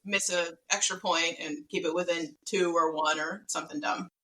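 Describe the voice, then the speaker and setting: A woman's voice: on the low side, steady tone, moderate pace, sharp tone, poor audio. A woman co-hosting a casual sports podcast, chatty and filling her talk with "like". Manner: chatty, lots of "like". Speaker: podcast co-host.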